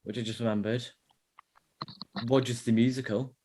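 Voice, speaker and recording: A man's voice: medium pitch, flat delivery, normal speed, mellow. A man co-hosting a casual fan podcast, rambling and jokey, with lots of restarts and fillers. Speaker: podcast co-host. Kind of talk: casual chat.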